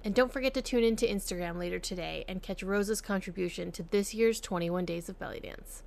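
A woman's voice: mid-range voice, brisk, creaky, background noise. A woman hosting a podcast, reading a scripted intro and then interviewing a guest in an upbeat, friendly way. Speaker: podcast host.

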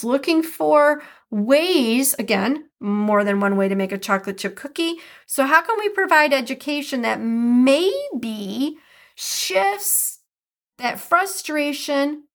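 An earnest woman hosts a solo podcast from home, talking on her own. Her voice sits a little high. She slows down and leans into key words to stress them. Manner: earnest, reflective, speaks with slow emphatic stresses. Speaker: podcast host.

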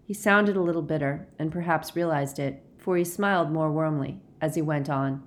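A woman narrating an audiobook in a steady, clear storytelling manner. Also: sits low, normal speed, few pauses.

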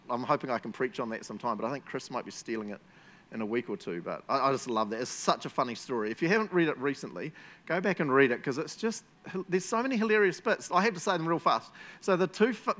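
A man preaching a casual sermon as pastor, chatty and animated, laughing often as he tells stories. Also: medium pitch. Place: church.

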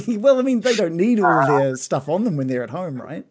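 A man's voice: a little high, very animated, brisk, a crowd in the background. Aussie guy dm'ing a tabletop game, casual, keeps going um. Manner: casual, hesitant with many ums. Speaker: game master.

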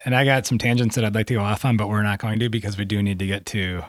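A man's voice: fairly low pitch, quick pace, no room sound, clean studio sound. Conversational male podcast host. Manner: relaxed, conversational, steering the talk. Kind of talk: casual interview hosting.

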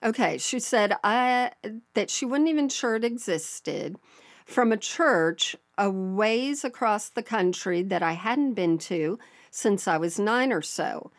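A woman's voice: medium pitch, animated, slow pace, dry recording. A woman co-hosting a podcast, telling a listener's story in a chatty, storytelling way with frequent laughs. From American South. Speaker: podcast co-host. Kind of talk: casual podcast chat, reading a listener story.

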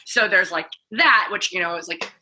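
A woman's voice: medium pitch, moderate pace, sharp tone, poor audio. A woman panelist in a casual roundtable chat, talking loosely with many fillers and restarts. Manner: rambling, many fillers like "like" and "you know".

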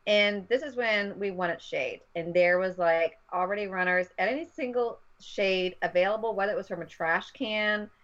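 A woman's voice: mid-range voice, normal speed, hardly any pauses, a bit bright. A woman co-hosting a podcast, chatting casually and rambling with lots of fillers. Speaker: podcast co-host. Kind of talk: casual chat. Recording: dull lo-fi recording.

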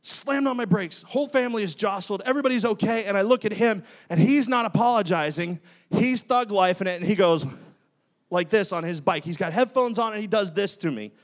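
High-voiced, animated male preacher. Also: brisk. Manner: animated, dramatic storyteller with shifting energy. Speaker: pastor. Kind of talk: sermon with personal storytelling.

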